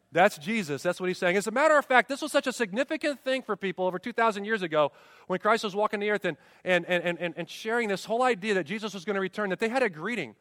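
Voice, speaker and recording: A man with a high-pitched voice preaches a sermon. He is emphatic, throws out rhetorical questions and leans on repeated refrains. His voice carries a long reverb from a large church hall. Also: lively intonation, a little fast, a bit bright, studio quality. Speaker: pastor.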